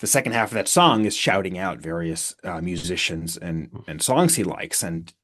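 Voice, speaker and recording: Man, podcast guest, low voice, animated storyteller, fillers and restarts. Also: normal speed. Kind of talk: casual anecdote-telling.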